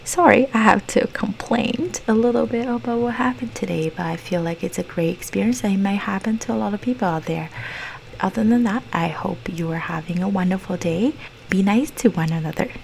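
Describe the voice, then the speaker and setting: A woman with a Mandarin accent, a native Mandarin speaker, telling a personal story to her viewers in an earnest, reflective way and sometimes dropping into soft, near-whispered asides. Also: medium pitch, fairly quick, vocal fry, a little hiss or hum. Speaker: vlogger.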